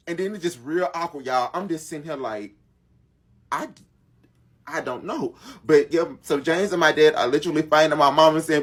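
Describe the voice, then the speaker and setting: A storytime vlogger with a slightly high, fairly bright voice tells a long family story quickly and casually. He's dramatic and speaks directly to his viewers.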